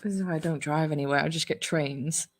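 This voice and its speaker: A woman's voice: sits low, steady tone, quick pace. A young woman, chatting casually with live viewers, swearing freely and poking fun at herself. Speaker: book channel host.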